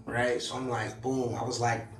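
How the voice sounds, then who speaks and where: Animated storytelling rapper guy. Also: medium pitch, moderate pace, echoey room, recorded from a distance, soft background music. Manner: animated, profane street slang, acts out quotes loudly. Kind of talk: casual storytelling in a podcast chat.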